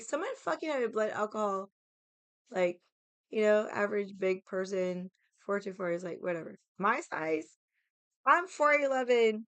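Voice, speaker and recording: A young woman telling a story in an animated, casual way, laughing and swearing as she acts out every voice in it. Her voice is smooth and clear. The sound is dry and close, with no room echo. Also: mid-range voice. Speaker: vlogger.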